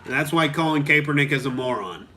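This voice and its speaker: Profane ranting male comedian, bright voice. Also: on the high side, lively intonation, quick pace, slight background noise. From Oklahoma. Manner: profane, heated ranting, reads viewer comments. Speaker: comedian hosting a live stream. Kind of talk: ranting live-stream commentary.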